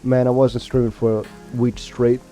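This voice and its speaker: Mellow-voiced casual game streamer. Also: male voice, mid-range voice, level tone, measured pace, faint music behind. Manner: rambling, with many fillers and restarts. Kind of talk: casual let's-play commentary.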